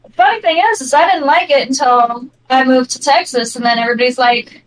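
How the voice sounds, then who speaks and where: A woman's voice: high-pitched, fairly quick, recorded from a distance, poor audio. A woman from New England chatting casually in voice chat, teasing dryly.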